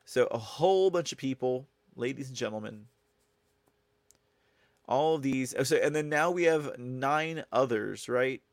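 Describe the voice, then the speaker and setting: A man's voice: mid-range voice, unhurried, no room sound. A man hosting a live-stream news commentary show, talking casually and rambling to his viewers. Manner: rambling, casual, talks to viewers and thanks chat. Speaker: show host.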